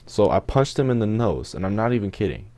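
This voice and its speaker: Low-voiced teen boy rambling a story. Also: sing-song, fast, mellow, dry recording. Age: teens. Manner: rambling, self-correcting storytelling. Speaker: gaming channel host. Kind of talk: storytime commentary over gameplay.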